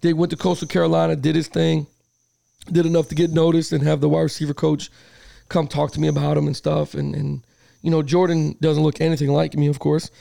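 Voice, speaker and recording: A man's voice: a little high, brisk, no echo. A man hosting a casual sports podcast, telling stories with lots of swearing and acting out the arguments. He is a youth football coach. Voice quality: gravelly. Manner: animated storyteller, swears a lot, acts out arguments. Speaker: podcast host.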